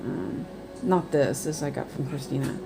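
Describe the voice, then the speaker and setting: A woman's voice: rumbling low, moderate pace, creaky, mellow, soft background music. A woman chatting casually and rambling on a live stream while she does cross-stitch. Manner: rambling, chatty, many fillers.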